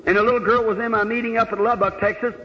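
Preacher guy, high voice, folksy sermon story, dull old recording, big echoey hall. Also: fairly even intonation, very fast. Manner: folksy, plain-spoken retelling with quoted dialogue. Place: large hall with a live congregation.

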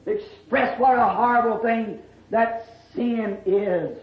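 A preacher giving an impassioned sermon, drawn-out and emphatic, bursting into shouts on key words. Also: mid-range voice. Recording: dull, echoey old sermon recording.

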